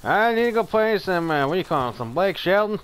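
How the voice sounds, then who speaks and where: A man's voice: high voice, lively intonation, brisk, a bit bright. A man playing an online shooter, joking crudely and swearing as he plays. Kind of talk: casual gameplay banter. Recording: gunfire game audio under voice.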